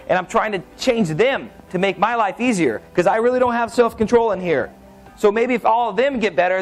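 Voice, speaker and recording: A man giving a sermon in a casual, candid storytelling way, with frequent restarts and asides. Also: high-pitched. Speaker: preacher. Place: church hall.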